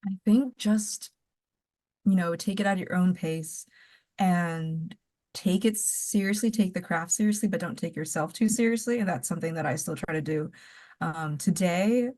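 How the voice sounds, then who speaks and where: A woman's voice: fairly low pitch, normal speed, a little mellow. A young woman in her twenties, an author guest on a casual podcast, who rambles and laughs often as she talks.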